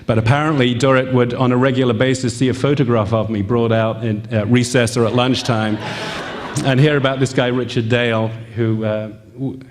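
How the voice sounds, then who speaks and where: A man tells a personal story to a live audience, halting often with ums and gently poking fun at himself. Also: medium pitch, level tone, background noise. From England. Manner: halting, with frequent ums and gentle self-mocking humor. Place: event hall. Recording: long reverb in a hall.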